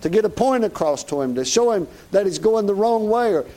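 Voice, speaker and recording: A man's voice: high voice, lively intonation, brisk, dark tone. A middle-aged man with a Southern US accent preaching a sermon in a folksy, joking way, chuckling as he goes. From Southern United States.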